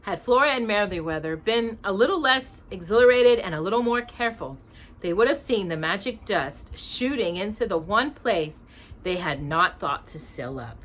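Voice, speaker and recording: Mother reading storybook aloud, lively sing-song rise and fall, bright clear tone, pauses to quiz her child. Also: medium pitch. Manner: expressive, stops to ask the child questions.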